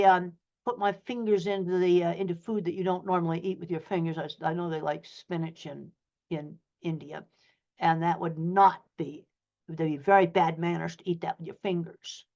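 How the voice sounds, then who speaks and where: A woman's voice: mid-range voice, darkish tone, dull audio. An older woman, a professor, giving a lecture-style talk over a video call in a direct, plainspoken way with blunt practical examples. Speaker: guest speaker, professor of animal science.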